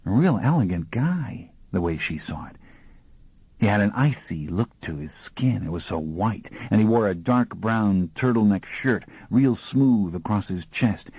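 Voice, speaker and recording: A man's voice: on the low side, dark tone, breathy edge, no room sound, low-quality recording. A man reading an audiobook in a folksy, slangy storytelling voice. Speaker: audiobook narrator. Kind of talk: scripted audiobook narration.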